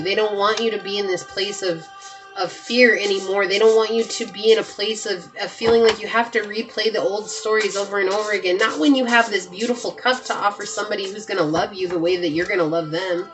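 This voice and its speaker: A woman giving a pick-a-card tarot reading, talking straight to her viewers with lots of emphatic repetition. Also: medium pitch. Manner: emphatic, repeats herself, talks straight to viewers. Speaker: tarot reader.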